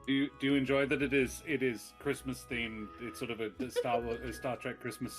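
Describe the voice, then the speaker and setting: A man's voice: mid-range voice, little pitch movement, fairly quick, faint music behind. A man, a tabletop game player, chatting casually before a session, rambling and joking and laughing often. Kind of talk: casual pre-game chat.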